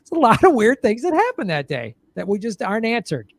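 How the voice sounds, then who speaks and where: A man's voice: high-pitched, huge pitch swings, brisk, gravelly, dry recording. Joking man host, close dry mic. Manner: jokey, riffing, reads chat messages aloud. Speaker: show host reading viewer comments. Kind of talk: casual live-stream chat.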